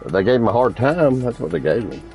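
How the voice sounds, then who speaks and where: A man's voice: medium pitch, very animated, fairly quick, dark tone, faint music behind. A man streaming a multiplayer game, chatting casually and crudely with friends, telling rambling stories and teasing them. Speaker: gaming streamer.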